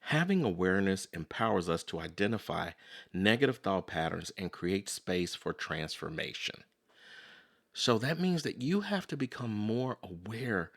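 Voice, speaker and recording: A man's voice: fairly low pitch, vocal fry. A man hosting a motivational self-help talk, speaking conversationally and often repeating himself to make a point. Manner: conversational, repeats "so in other words"; acts out quoted voices. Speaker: podcast host.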